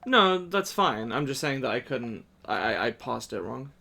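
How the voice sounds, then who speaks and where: A man's voice: medium pitch, very animated, moderate pace, vocal fry, sharp tone, a little hiss or hum. A male streamer in casual game chat who laughs often while he describes what is on his screen.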